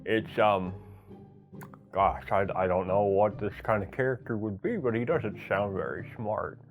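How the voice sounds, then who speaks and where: A man's voice: lowish voice, a little slow, faint music behind, voice pushed down. A man voicing a dim-witted fellow, talking with his jaw pulled back so the sound comes out dull and muffled. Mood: dopey.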